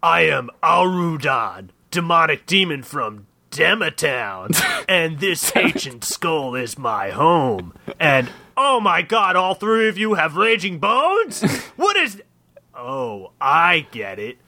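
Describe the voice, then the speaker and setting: Picture a bombastic demon lord, put on by a man in a comedic fantasy tale, stretching out every grand pronouncement and barking commands at cowering gnomes. The voice sits a little high and swoops widely, with a bright, cutting edge, and giggles keep breaking through the menace. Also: sing-song, creaky, full character voice. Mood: boastful. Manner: booming, drawn-out commands, cracking up. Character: bombastic male demon lord in a skull cave.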